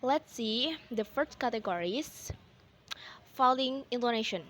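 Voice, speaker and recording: A woman's voice: on the high side, expressive, a little slow, fairly bright tone, slight background noise. A young woman with an Indonesian accent giving a student presentation, reading carefully and often saying "okay". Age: young adult. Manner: careful, read-aloud delivery with frequent "okay". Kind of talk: classroom presentation.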